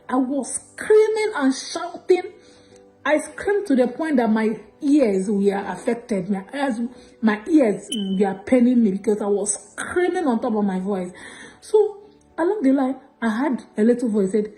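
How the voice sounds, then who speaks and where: A woman with a Nigerian accent giving an emotional church testimony, telling her story in an animated, breathless way. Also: fairly high pitch, a little slow, faint music behind, low-quality recording.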